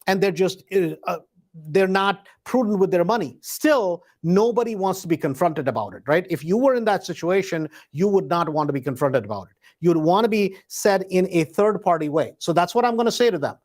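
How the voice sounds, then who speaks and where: A man teaching real estate investing in a loose, conversational way, often checking in with the listener with a quick "right?". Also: high voice, expressive, darkish tone. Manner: conversational, peppers points with a tag question "right?"; acts out door-knocking scripts in a hesitant, searching tone. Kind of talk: live instructional talk.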